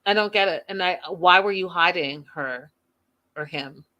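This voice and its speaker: A woman's voice: fairly low pitch, moderate pace, pushed and bright, lo-fi sound. A woman hosting a TV recap show, chatting casually to her viewers in a gossipy, playfully dramatic way.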